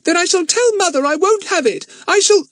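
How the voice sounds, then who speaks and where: A man voicing a sharp-tongued, bossy young girl in an audiobook, with a shrill, scolding delivery. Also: big pitch swings, brisk, dry recording, studio quality. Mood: cross, scornful.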